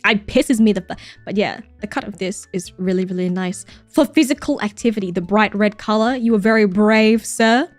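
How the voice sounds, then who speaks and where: A woman's voice: mid-range voice, moderate pace, few pauses, no room sound, soft background music. A woman in her thirties streaming, who reacts to viewer photos with gushing praise, swearing and mock-jealous outbursts. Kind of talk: casual livestream chat.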